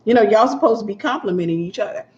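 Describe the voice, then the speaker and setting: A woman's voice: medium pitch, lively intonation, racing. A woman minister teaching a sermon in a conversational way, repeating her key points and acting out little scenes. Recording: dull lo-fi sound.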